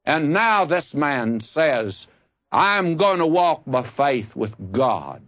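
This radio Bible sermon comes from a man of medium pitch who takes it slowly, his intonation lively. Folksy and earnest, he shares a personal story and climbs to fervent appeals to those listening. There's no room sound, and the highs are cut off.

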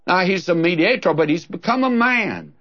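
An older man preaches a verse-by-verse radio sermon in a folksy, earnest way. His voice sits a little high and swings up and down with lively emphasis. It comes through a dull, lo-fi old radio recording. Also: normal speed. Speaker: radio Bible teacher.

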